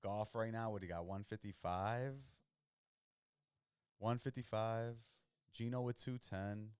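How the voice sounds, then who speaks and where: Young male host, very low voice, smooth and dry close-mic sound, casual slangy play-by-play reactions. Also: fairly even intonation, unhurried, darkish tone, no echo. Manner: loose and slangy, reacting to plays. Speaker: podcast host watching football. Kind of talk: casual live-watch commentary.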